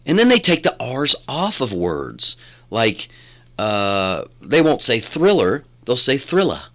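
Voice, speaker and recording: A man's voice: medium pitch, takes it slowly. A middle-aged man with a West Virginia accent, talking as an interview guest in a rambling way with many restarts. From born in Louisiana, raised in West Virginia. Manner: rambling, animated, restarts often. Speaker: guest, filmmaker and radio announcer. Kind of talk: conversational interview.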